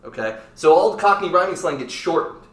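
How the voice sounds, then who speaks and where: Running a quiz game on a relaxed podcast, this man sounds playful and jokey, tossing out quick asides as he chats casually. His voice is high and a bit bright, with lively intonation. The distant, off-mic recording has an echoey room sound.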